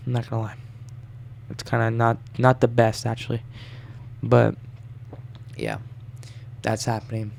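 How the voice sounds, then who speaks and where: A young man vlogging, telling a wild story in casual slang with plenty of swearing and animated bursts. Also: mid-range voice, creaky, a little hiss or hum.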